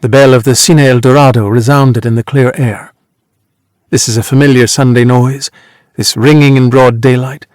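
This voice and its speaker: A man narrating a literary novel in a measured, even reading voice. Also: medium pitch, no room sound, clean studio sound. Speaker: audiobook narrator.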